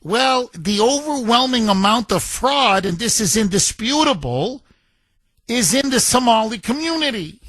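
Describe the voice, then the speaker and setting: A man's voice: very high voice, expressive, unhurried, fairly bright tone, dry recording. A middle-aged man hosting a talk radio show, ranting in a combative, sarcastic way. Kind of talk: opinionated talk radio monologue.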